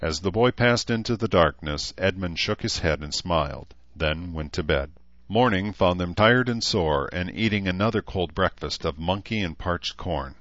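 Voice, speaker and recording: A man narrating a story in a steady, even reading voice. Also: low-pitched, normal speed, no echo, dull audio. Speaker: audiobook narrator. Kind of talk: scripted narration.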